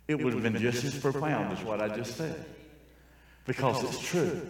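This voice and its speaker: An older man preaching a sermon in a raw, folksy style, swinging between quiet asides and shouting. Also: medium pitch, normal speed. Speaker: traveling preacher. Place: large church hall. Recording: very echoey church sanctuary, distant mic.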